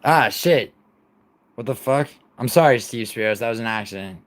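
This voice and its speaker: A man's voice: medium pitch, moderate pace. A man in his twenties hosting a livestream, rambling casually and profanely while he answers his chat and apologizes to moderators. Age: 20s. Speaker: livestream host.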